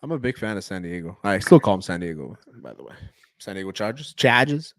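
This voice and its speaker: A man co-hosts a casual sports podcast in quick, blunt bursts, restarting his sentences and swearing as he goes. His voice is recorded close and dry, with no room sound around it. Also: deep voice, sing-song, vocal fry, no room sound. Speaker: podcast co-host.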